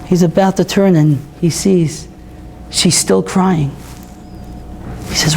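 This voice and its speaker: A man who is a rabbi and teacher, giving an impassioned sermon at an event that builds to near-shouts. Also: sits high, steady tone, slow pace, gravelly, long pauses, a little hiss or hum. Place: event hall.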